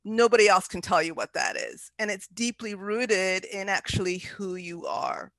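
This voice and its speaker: Earnest woman with a bright voice. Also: medium pitch, normal speed, no echo. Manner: earnest, heartfelt, with fillers and restarts. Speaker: podcast guest speaker. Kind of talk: inspirational podcast talk.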